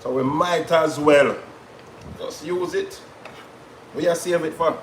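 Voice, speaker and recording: Man hosting a live kitchen stream, talks to the viewers as he cooks; slightly high voice, roomy sound with faint background noise. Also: takes it slowly. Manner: chatty, patois-tinged asides to viewers. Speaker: cooking show host. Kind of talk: live cooking stream chat.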